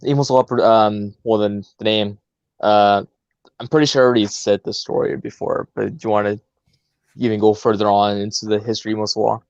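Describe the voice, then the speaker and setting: A man's voice: on the low side, steady tone, fairly quick, gravelly, a little mellow, dry recording. A man co-hosting a podcast, talking in a hesitant, filler-heavy way and laughing often. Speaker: co-host. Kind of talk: casual podcast chat. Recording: dull lo-fi sound.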